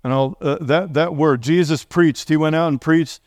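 Middle-aged pastor guy preaching, kinda high voice, dry close sound, chatty with lots of questions. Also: moderate pace, no room sound. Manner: conversational, animated preaching with rhetorical questions. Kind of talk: sermon. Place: church sanctuary.

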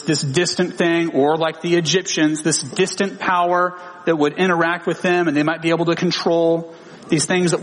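A man with a slightly high voice gives a sermon. He reads scripture passages aloud and then unpacks them for the listeners. His voice carries a long, ringing reverb, like in a large hall. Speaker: preacher.

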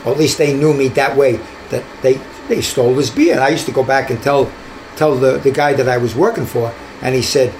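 A man's voice: medium pitch, a little fast, a little hiss or hum, low-quality recording. An older man, a retired detective, telling stories from his career in an interview, acting out the voices he quotes. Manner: animated, acts out quoted voices. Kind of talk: storytelling in an interview.

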